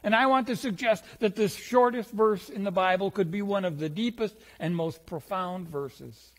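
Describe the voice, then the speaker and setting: A pastor giving a reflective sermon, slowing down on key phrases and retelling a story. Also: male voice, high-pitched. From Wisconsin.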